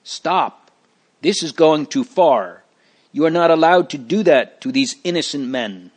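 Honest storybook bystanders played by a man, urgent and protesting, pitched higher than the narration. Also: expressive, unhurried. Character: honest male bystanders defending innocents.

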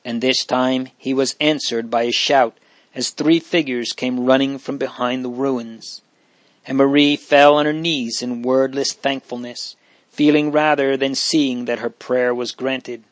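A man reading an old-fashioned storybook aloud at a steady, measured pace. His pitch sits in the middle of the usual range. The recording is close and dry, with no echo. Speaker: narrator. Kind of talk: storybook audiobook narration.

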